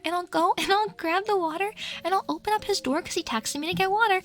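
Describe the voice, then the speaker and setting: A high-pitched woman chats through a live Q&A stream, playful and quick to giggle. Her tone stays light and teasing. A little music hums faintly behind her. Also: fairly bright tone. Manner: giggly and playful, laughs often. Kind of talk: casual livestream Q&A chat.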